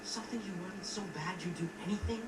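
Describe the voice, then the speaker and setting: A wistful dreamer urging someone on, voiced by a woman in a hushed, pleading tone. The lines rush out quickly. She sounds far from the mic in a roomy, echoing space, with loud noise washing over her. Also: mid-range voice, close to an everyday voice. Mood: yearning. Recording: distant, echoey, noisy video clip.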